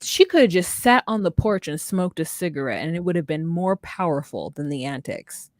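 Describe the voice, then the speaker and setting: A woman co-hosting a podcast in casual chat, recapping a reality show with sassy, animated storytelling. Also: lowish voice, normal speed, no room sound, clean studio sound. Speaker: podcast co-host.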